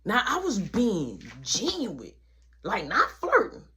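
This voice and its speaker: High, lively young man telling a story. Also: slow. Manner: animated, acts out every quote; drops to a hushed voice for tender moments. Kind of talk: casual storytime.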